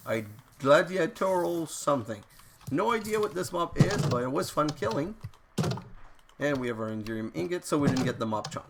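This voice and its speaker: Let's play host, male, gravelly voice, chatty running commentary, noisy home recording with keyboard typing behind. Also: a little high, expressive, moderate pace. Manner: chatty, easily frustrated, talks to the game. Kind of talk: gameplay commentary.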